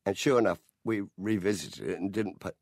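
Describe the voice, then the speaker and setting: Man, low voice, dry close sound, musician reminiscing, rambling storyteller. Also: brisk, no room sound. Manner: relaxed, rambling storytelling with fillers and restarts. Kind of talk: recounting a recording session in an interview.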